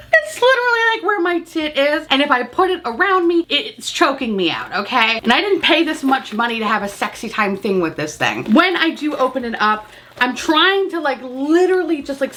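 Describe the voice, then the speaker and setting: A woman's voice: high-pitched, fairly bright tone. A woman beauty vlogger reviewing makeup in a casual rant, profane, dramatic and poking fun at herself. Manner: profane, dramatic, self-mocking humor.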